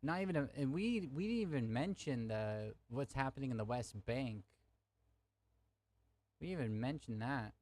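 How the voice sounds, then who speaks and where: A man's voice: medium pitch, lively intonation, moderate pace, darkish tone. Angry swearing young man streaming. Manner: angry, profane, talks to chat. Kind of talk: heated live-stream debate.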